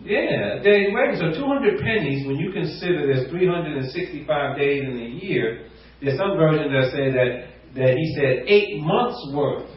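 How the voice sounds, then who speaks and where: Animated preacher in an echoey hall. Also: male voice, fairly high pitch, normal speed. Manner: animated, rising to near shouts, acts out quotes. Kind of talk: sermon. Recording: echoey room, distant mic, muffled.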